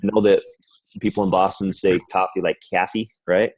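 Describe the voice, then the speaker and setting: A man's voice: deep voice, little pitch movement, fairly quick, darkish tone, dry recording, poor audio. A man, a corporate sales manager, giving an upbeat, rambling presentation on a conference call. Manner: upbeat, rambling, says guys and right often. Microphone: phone line.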